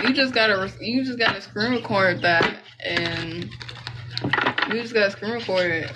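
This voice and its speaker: A woman's voice: mid-range voice, normal speed, heavy background noise. A young woman doing a casual tarot reading, chatty and slangy, rambling into side stories. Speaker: tarot reader.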